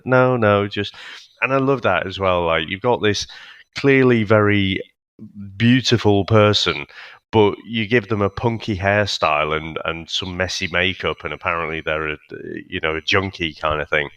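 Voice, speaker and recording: Man, podcast co-host, casual chat, lower voice, halting, sighs, dry close sound. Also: a bit bright, smooth, no room sound. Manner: halting, hedging, with sighs and restarts. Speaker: podcast co-host reviewing films.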